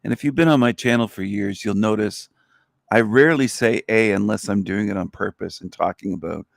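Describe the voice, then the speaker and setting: A middle-aged man rambles bluntly through a casual livestream monologue, his voice low and gravelly with a crackle of fry. The sound is close and dry, with no room around it. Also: no room sound. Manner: blunt, rambling, crude and opinionated. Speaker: livestream host.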